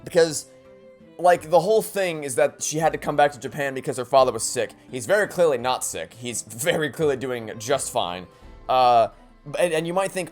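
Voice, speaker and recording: A man's voice: medium pitch, normal speed, soft background music. A man giving casual let's play commentary, thinking aloud in a rambling way with many restarts.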